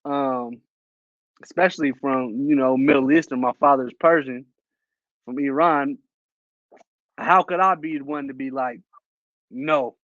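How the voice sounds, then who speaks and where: A man's voice: mid-range voice, unhurried, pauses often, no echo. Laughing male co-host on a dull mic. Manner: laughs often, relaxed, slangy. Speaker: podcast co-host. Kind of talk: casual podcast chat.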